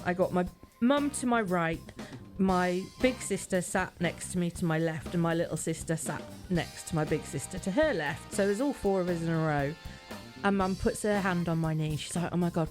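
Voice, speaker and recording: A middle-aged British woman telling a story in a casual podcast chat. She is animated and lively, and slips into other people's voices as she goes. Faint music sits under her voice. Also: lowish voice, normal speed. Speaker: podcast host.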